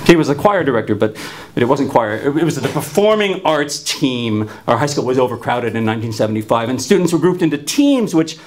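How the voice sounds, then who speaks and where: A man's voice: mid-range voice, slight background noise. A man in his fifties from New Jersey telling a personal story wryly, with frequent stuttered restarts. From New Jersey, USA.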